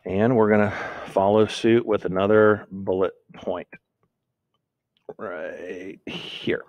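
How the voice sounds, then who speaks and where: A man's voice: lowish voice, steady tone, moderate pace, dry recording, dull audio. A man giving a screen-recorded lesson on making notes, thinking aloud and correcting himself as he types. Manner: thinks aloud, self-corrects while typing. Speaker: teacher.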